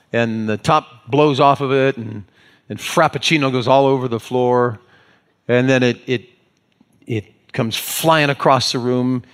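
A man's voice: medium pitch, a bit bright. A man preaching as a pastor, telling a self-mocking everyday story in a folksy, conversational way. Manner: folksy, self-mocking anecdote with acted-out voices. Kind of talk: storytelling sermon.

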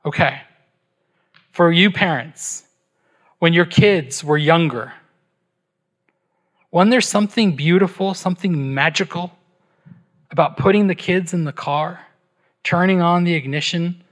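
A man's voice: on the high side, a bit bright. A middle-aged man preaching a sermon as pastor, emphatic, asking his listeners rhetorical questions and checking in with "right?".

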